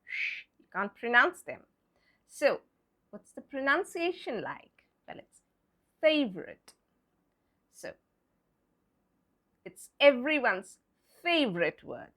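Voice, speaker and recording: A woman teaching English pronunciation in a high, bright voice that swoops up and down. She speaks slowly, spells words out letter by letter and drops to a playful hush for the silent letters. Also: very animated. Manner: playful, hushing "shh", repeats words slowly. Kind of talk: explaining pronunciation to viewers.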